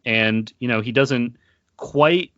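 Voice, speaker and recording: A man's voice: mid-range voice, fairly bright tone, no room sound. Guy hosting a chat, earnest, lots of ums and restarts, dry muffled lo-fi audio. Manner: earnest, halting with many fillers and restarts. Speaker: podcast host. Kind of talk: casual interview chat.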